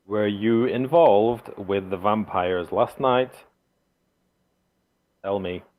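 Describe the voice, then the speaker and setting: A man's voice: on the low side, takes it slowly, narrow, tinny audio. A man voicing a stern, suspicious male town leader who interrogates strangers in a tabletop game. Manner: interrogating, demanding.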